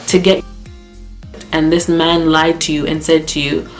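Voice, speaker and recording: A young woman from Canada with a low voice tells a story in a blunt, profane, animated way. She speaks in an echoey room, with faint music playing underneath. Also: moderate pace. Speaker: vlogger. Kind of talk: casual storytime.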